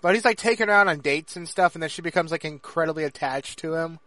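A man's voice: a little high, quick pace, sharp tone, dry recording. Joking man with a dry, close sound. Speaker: podcast co-host. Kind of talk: casual chat.

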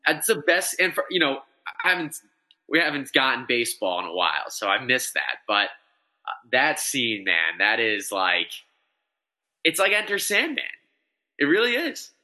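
A man talking sports on a podcast, with a strikingly bright, sharp tone. He rambles with excitement, restarting sentences as his thoughts run ahead. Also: mid-range voice, moderate pace. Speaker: podcast co-host. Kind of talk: casual sports chat.

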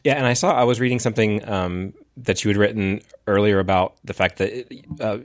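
A man hosting a podcast talks with his guest in a fairly low voice. He is curious and chatty, thinking aloud as he builds his questions. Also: steady tone, fairly quick. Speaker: podcast host. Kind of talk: podcast interview.

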